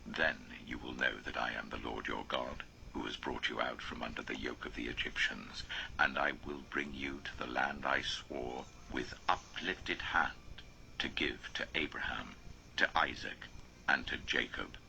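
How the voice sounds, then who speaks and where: An extremely deep, gravelly male voice reads scripture aloud slowly and solemnly, sometimes sinking to an almost whispered hush. His tone is bright and cutting despite the depth, and he rises and falls widely in pitch. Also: slight background noise, rough recording. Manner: slow solemn reading, drops to near whisper. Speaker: father reading aloud.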